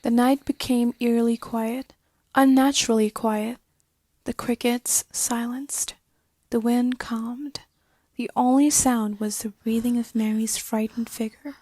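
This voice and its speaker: Hushed woman narrating a horror story. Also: on the high side, steady tone, no room sound. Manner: hushed, slowing to whispery dread.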